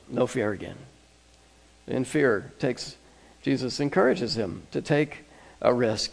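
Brief: a male pastor preaching casually, with repeated words and quiet emphatic endings. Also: medium pitch. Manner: conversational, repeats words, drops to soft emphasis. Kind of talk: sermon.

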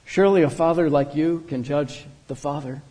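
A man voicing a calm, unrelenting wise woman who speaks in a measured way, without emotion. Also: fairly high pitch, lightly acted, poor audio. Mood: probing.

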